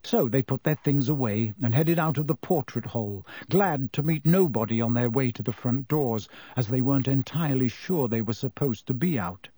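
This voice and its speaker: A man reading a novel aloud as audiobook narrator in measured storytelling. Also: medium pitch, dark tone, slightly rough, dry recording. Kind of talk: scripted narration.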